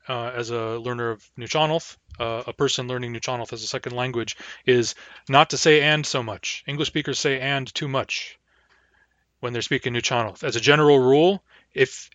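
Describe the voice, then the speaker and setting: A man giving a recorded language lecture, patiently repeating words slowly for learners. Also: mid-range voice, fairly bright tone, dry recording, highs cut off. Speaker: language teacher.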